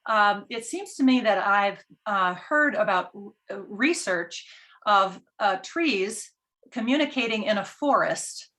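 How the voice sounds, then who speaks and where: A woman's voice: mid-range voice, lively intonation, takes it slowly, pushed and bright. A woman hosts an interview and asks her guest careful, thoughtful questions. She hesitates often and fills the gaps as she goes. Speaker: interview host.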